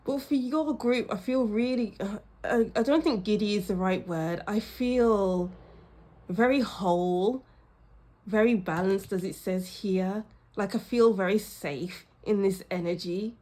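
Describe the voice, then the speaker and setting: A woman's voice: mid-range voice, unhurried, dark tone. A woman reading tarot cards to camera for her channel. She laughs often and exclaims as she talks, and she says she is a little tired and ill. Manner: giggly, exclamatory, frequent bursts of laughter. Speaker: tarot reader.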